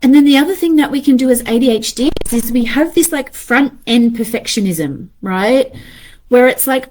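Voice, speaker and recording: A woman's voice: high voice, moderate pace, a little mellow. A woman in her thirties talking casually and animatedly to viewers about ADHD, swearing freely and acting out her inner voices.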